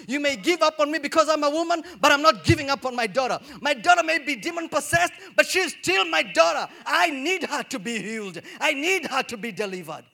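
A man's voice: very high-pitched, gravelly, sharp tone, voice pushed up, exaggerated voice. A man voicing a desperate mother who pleads insistently for her sick daughter, building each plea with rising repetition.

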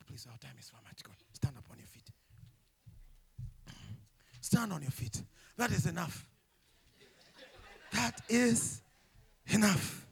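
A man preaching a sermon as pastor, animated and humorous, often shouting and laughing. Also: high voice, vocal fry. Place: church.

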